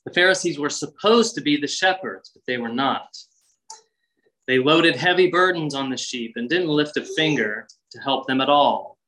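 Man, pastor, sermon, bright clear tone, lively quoted voices. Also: normal speed, rough recording. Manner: expressive, acts out quotes with shifting pitch.

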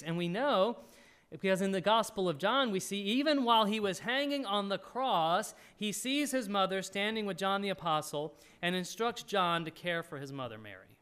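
A male pastor preaching a sermon with a high, lively voice that swings up and down as he teaches. He reads scripture aloud and stops now and then to clear his throat. His delivery is expressive and earnest.

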